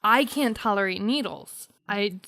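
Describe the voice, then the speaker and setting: A woman co-hosting a casual podcast, telling stories with giggles and animated swings. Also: medium pitch, measured pace, gravelly, dry recording, studio quality. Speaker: podcast co-host.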